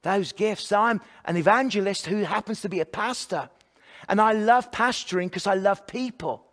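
A man's voice: sits high, big-room sound. A man who is a pastor and evangelist, preaching a sermon in an earnest storytelling way, building up repeated lists of phrases.

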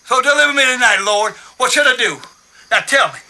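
A middle-aged preacher torn with anguish, pleading and hollering at God. His voice sits very high and cuts through with a hard, bright edge. A scene from a film. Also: animated, brisk, exaggerated voice, low-quality recording. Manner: pleading, shouting in prayer. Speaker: film character.

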